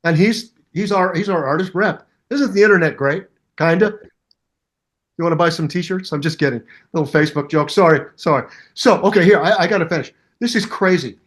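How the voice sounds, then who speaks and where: An older man chats as an interview guest with a fairly high voice. He tells his stories with a lot of energy, acting out other people's voices and sounds as he goes. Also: a little fast. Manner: animated storyteller, mimics voices and sounds. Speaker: guest musician. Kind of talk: casual interview chat.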